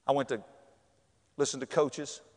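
A middle-aged man, telling a personal story with animated acted-out voices and shouts. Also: medium pitch, moderate pace, big-room sound.

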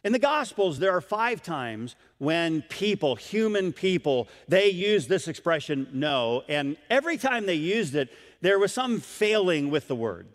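A man's voice: fairly high pitch, very animated, a little slow, few pauses, big-room sound. A man preaching a sermon in an emphatic, dramatic way, with big swings in volume.

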